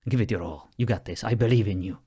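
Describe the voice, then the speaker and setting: Slightly rough and dark in tone, his low-ish voice moves at a quick pace. As host of a phone voice assistant test, he chats casually with the AI, teasing it, growing exasperated and laughing a lot.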